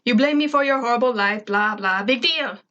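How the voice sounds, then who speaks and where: A boastful little alien conqueror, put on by a woman, pitched up high and declaring everything with grand self-importance. He sounds shrill and full of himself, the way a storybook villain of a fan tale would. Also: a little slow, bright, forceful tone, muffled recording. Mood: indignant. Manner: pompous, theatrical declarations.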